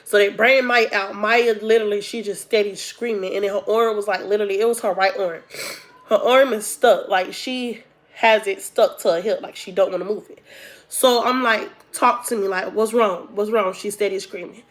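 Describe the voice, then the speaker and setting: A young woman vlogger telling a casual storytime, animated and acting out the people she quotes. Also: medium pitch, normal speed.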